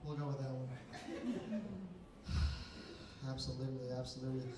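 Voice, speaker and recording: A man in his twenties doing a stand-up comedy set with a dry, deadpan, sarcastic delivery at a comedy night in a bar basement. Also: mid-range voice, measured pace, background noise. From Canada. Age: 20s. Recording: echoey room, mic from far off.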